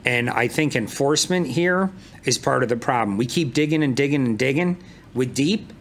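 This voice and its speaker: A man's voice: medium pitch, lively intonation, moderate pace, slight background noise. A man chairing a town commission meeting, speaking firmly and directly. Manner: firm, direct.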